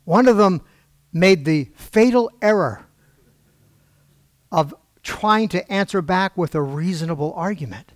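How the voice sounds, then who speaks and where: A man's voice: sits high, animated, unhurried, pauses often, no echo. An older man preaching in a storytelling style, acting out quoted voices with wry asides.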